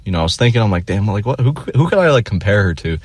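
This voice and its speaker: A man's voice: fairly low pitch, sing-song, racing, husky, no room sound. A young man telling a rambling, profane story in a casual monologue, full of fillers and restarts. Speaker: vlogger.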